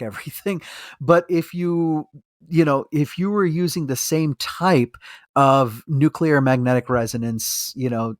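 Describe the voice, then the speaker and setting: A man's voice: mid-range voice, dry recording, clean studio sound. A man co-hosting a medical podcast, chatting casually with enthusiasm, often restarting his sentences and laughing. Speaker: podcast co-host, physician.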